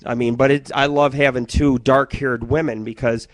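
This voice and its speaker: A man hosting an internet radio show, telling stories in a profane, rambling way and jumping between loud outbursts and muttering. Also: medium pitch, steady tone, normal speed, dry recording. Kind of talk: rambling live-stream monologue.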